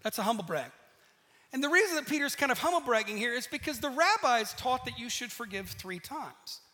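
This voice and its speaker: High, bright-voiced male preacher. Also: a little fast. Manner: lively storyteller, asks the listeners questions. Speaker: pastor. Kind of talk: sermon with scripture reading.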